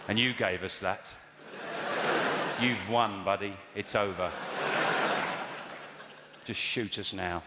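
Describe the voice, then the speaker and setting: A man doing improvised stand-up comedy from audience suggestions, mixing deadpan asides with sudden loud bursts. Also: fairly low pitch, slow, pauses often. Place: large theatre with audience. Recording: echoey live hall, loud noise.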